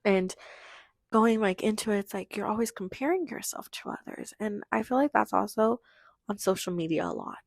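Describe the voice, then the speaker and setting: A woman's voice: mid-range voice, sing-song, normal speed, gravelly, no room sound. A teenage girl hosting her own podcast, talking through her feelings in an earnest, rambling way full of "like". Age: teens. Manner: earnest, rambling, filler-heavy. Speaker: podcast host. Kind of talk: casual personal monologue.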